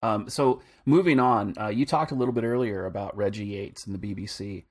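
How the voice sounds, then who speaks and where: Man, low voice, husky, stream host, casual interview, quick questions.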